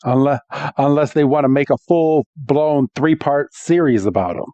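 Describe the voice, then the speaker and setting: A man's voice: on the high side, normal speed, no echo, lo-fi sound. A man co-hosting a podcast, recapping a cartoon episode in casual chat and acting out the characters' lines with energy. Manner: animated storyteller, acts out quotes. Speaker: podcast co-host.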